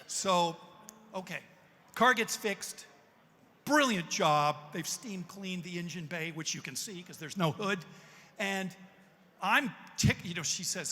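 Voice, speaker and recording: A man on a panel telling a story in a lively, self-amused way. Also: sits high, normal speed. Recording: long hall reverb.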